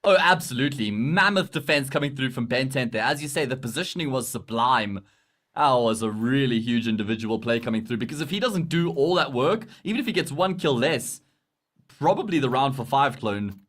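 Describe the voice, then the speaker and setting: A man with a South African accent doing live esports commentary, breaking down plays in a measured, analytical way. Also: mid-range voice, expressive, fairly bright tone.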